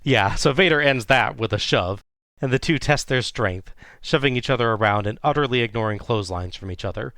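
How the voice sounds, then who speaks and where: A man co-hosting a podcast, retelling a wrestling match play by play in a steady, casual way. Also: medium pitch, fairly quick, no echo, clean studio sound. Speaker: podcast co-host recapping wrestling. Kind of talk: casual recap narration.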